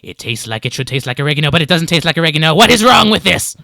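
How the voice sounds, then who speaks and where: A man's voice: on the high side, big pitch swings, very fast, creaky, sharp tone, dry recording, studio quality, voice pushed up, exaggerated voice. A man voicing a scatterbrained male lizard man prisoner who mumbles to himself and pleads eagerly. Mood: muttering.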